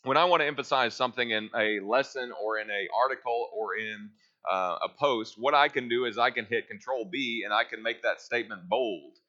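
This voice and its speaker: A man's voice: medium pitch, moderate pace, hardly any pauses, bright, forceful tone, lo-fi sound. A man teaching a Bible class, reading verses aloud and asking his listeners questions that he then answers himself.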